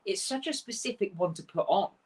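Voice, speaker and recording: A man's voice: high-pitched, expressive, fairly quick, breathy edge, rough recording. Enthusiastic man guest in casual chat. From Europe. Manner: enthusiastic, talks through ideas with quoted asides.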